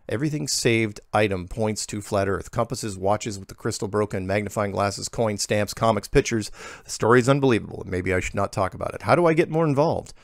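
A man hosting his own channel, casually reading viewer emails aloud and adding relaxed, rambling comments with frequent restarts. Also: fairly low pitch, moderate pace, creaky, no echo, clean studio sound.

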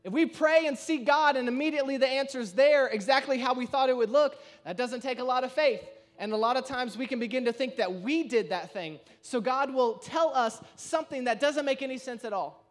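A man preaching a sermon, telling a story with lively acted-out quotes. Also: brisk, few pauses. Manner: animated storytelling, acts out quoted voices with shifts in pitch and loudness. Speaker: pastor.

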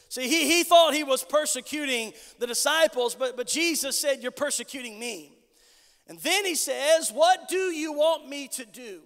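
Man, pastor, sermon, slow deliberate delivery, long church reverb. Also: very high-pitched. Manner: builds from measured storytelling to shouted exhortation. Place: church sanctuary.

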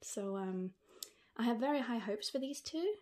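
A young woman vlogging as she unboxes pet snails, soft-spoken with frequent ums. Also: on the high side, animated, normal speed. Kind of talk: casual unboxing vlog.

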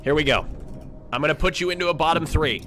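A man's voice: fairly high pitch, quick pace, music in the background. A man hosting a dating game show stream, announcing who is safe and who goes to the bottom three, joking and laughing as he goes. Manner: jokey and teasing, laughing between lines. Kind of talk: announcing eliminations in a playful game-show manner.

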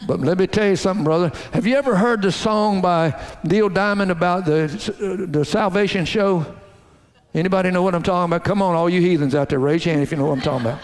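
Man, pastor, high voice, folksy animated sermon, long church reverb. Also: quick pace. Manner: folksy, animated preaching with audience call-outs. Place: church sanctuary.

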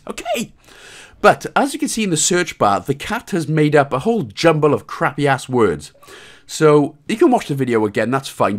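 A man with a Welsh accent giving a casual, joking game walkthrough, swearing a little and calmly repeating his instructions. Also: mid-range voice. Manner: irreverent, joking, mild swearing. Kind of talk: casual commentary over gameplay.

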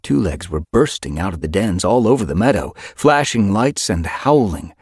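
A man's voice: on the low side, big pitch swings, moderate pace, a little mellow, slightly rough, dry recording, clean studio sound. A man narrating an audiobook in a dramatic, vivid manner.

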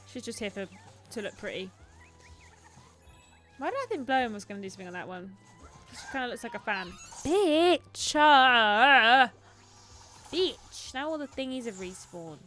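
A woman's voice: medium pitch, animated, fairly quick, pauses often, fairly bright tone, soft background music. A woman hosting a game livestream, joking and bantering with her chat in casual let's-play commentary. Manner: playful, jokey, bantering with chat. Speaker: streamer and show host.

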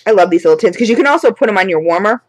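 A woman vlogging an unboxing in a casual, chatty way, gushing with excitement, calling her viewers "guys" and sounding close to tears with gratitude. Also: mid-range voice, racing, dry recording, rough recording. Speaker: candle and wax hobby vlogger.

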